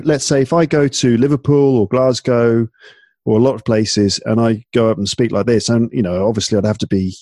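A man's voice: medium pitch, a little mellow, no room sound. A man in casual, musing conversation, chatty and full of fillers as he thinks aloud. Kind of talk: casual chat.

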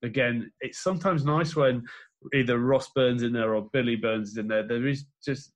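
A man's voice: medium pitch, moderate pace. A man co-hosting a podcast who talks through rugby plays in detail in casual chat. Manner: detailed play-by-play analysis. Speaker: podcast co-host.

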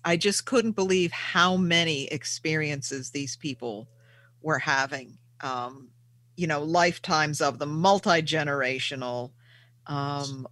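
A man's voice: fairly high pitch, pushed and bright, dry recording. A man hosting a talk show, summing up the guest's points and speaking to listeners. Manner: sums up and prompts the guest. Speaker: host.

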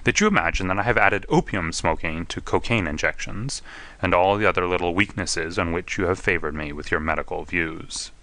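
A man voicing a sharp, commanding male detective, speaking in a quiet, precise and assured way. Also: low-pitched, a little fast. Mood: wry, confiding. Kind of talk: audiobook character reading.

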